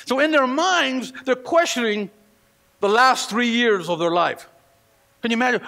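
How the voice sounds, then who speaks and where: A male pastor delivers his sermon in a high, lively voice with a gravelly, bright edge. He tells stories and slips into the voices of the people in them. His voice rings with the long reverb of a church hall. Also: moderate pace. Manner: storytelling preacher who acts out quoted voices. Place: church sanctuary.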